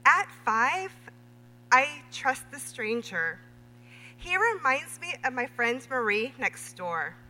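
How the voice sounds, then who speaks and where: A woman reading her own memoir prose aloud at a literary reading, measured and deliberate. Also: high-pitched, sing-song, pushed and bright. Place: reading event in a hall. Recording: reverberant hall with faint hum.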